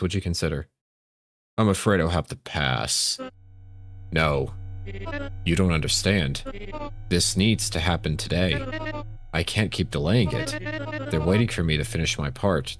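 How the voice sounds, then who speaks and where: A man's voice: sits low, no echo. A man voicing a female witch teacher who pleads and then lays down terms, reading game dialogue aloud on stream.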